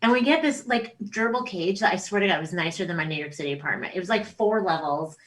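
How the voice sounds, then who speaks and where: Animated woman telling a comic story, a bit off-mic. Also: fairly low pitch, quick pace, distant mic, poor audio. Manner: animated storyteller, swears freely, acts out family voices. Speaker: comedian guest. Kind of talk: casual podcast chat, storytelling.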